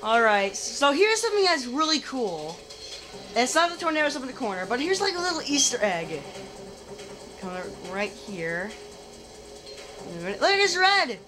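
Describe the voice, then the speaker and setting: A young adult playing a racing game and commenting in an excitable, exclaiming way. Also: mid-range voice, moderate pace, long pauses, music in the background. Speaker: game player. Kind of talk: let's play commentary.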